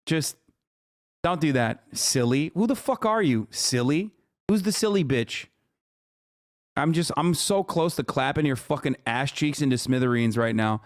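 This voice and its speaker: A man's voice: mid-range voice, lively intonation, a little slow, no room sound, studio quality. A man in his thirties streaming live, ranting and mocking his chat with lots of profanity, combative and sarcastic. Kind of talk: live stream reaction rant.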